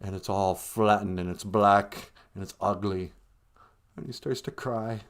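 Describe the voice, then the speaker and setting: A man's voice: on the low side, moderate pace. A man telling a traditional story on a live-streamed podcast in a casual, conversational way, laughing often.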